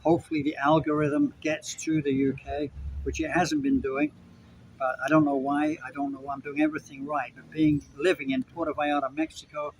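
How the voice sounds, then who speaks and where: A man talks to his viewers in a loose, rambling evening rant, circling back over the same points. His voice sits a little higher than most men's. Faint street traffic hums in the background. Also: level tone, moderate pace, rough recording. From Britain. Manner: rambling, repeats himself, talks straight to viewers. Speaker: vlogger. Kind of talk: casual evening rant to camera. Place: Puerto Vallarta, Mexico.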